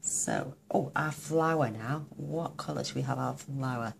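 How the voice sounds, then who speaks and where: A woman with a remarkably deep voice and a gravelly edge gushes over her colouring, thinking aloud through a card-making tutorial. A faint hiss sits under her talk. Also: measured pace. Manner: gushing, chatty, thinks aloud while colouring. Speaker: craft demonstrator.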